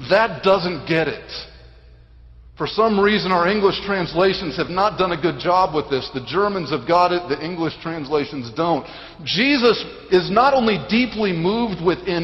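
A man with a fairly high voice preaches a sermon in a church sanctuary. He swings from emphatic declarations to quiet, hushed phrases. The recording is muffled and lo-fi, and his words ring out with a long hall reverb. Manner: dramatic preaching with sudden drops to a hush. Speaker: pastor.

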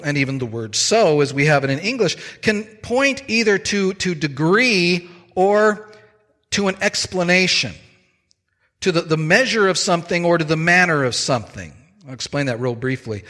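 Slow, emphatic preacher in a reverberant hall. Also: male voice, a little high, a bit bright. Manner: measured, emphatic preaching with slow stressed phrases. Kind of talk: sermon.

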